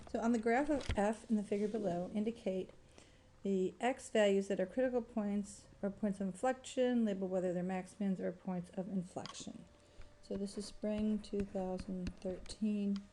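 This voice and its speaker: A woman's voice: medium pitch, moderate pace, dark tone, slight background noise. A woman math professor giving a recorded exam review, thinking aloud and pointing at a graph as she works through the problem.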